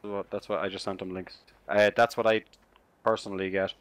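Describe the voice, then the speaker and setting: A man's voice: lowish voice, flat delivery, a little fast, clear, resonant tone, dry recording. A man chatting with friends over voice chat, swearing and giving advice on gear. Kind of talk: casual chat among friends.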